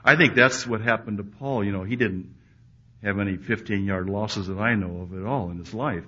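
A male preacher delivering a sermon to a live congregation, dropping to hushed, intimate lines and then rising to loud, emphatic ones. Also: on the low side, normal speed. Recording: muffled recording with faint background hiss.

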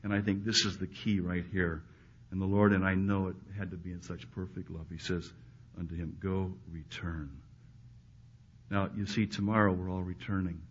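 A male preacher delivering a sermon to a live congregation, dropping to hushed, intimate lines and then rising to loud, emphatic ones. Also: low voice, flat delivery, brisk. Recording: muffled recording with faint background hiss.

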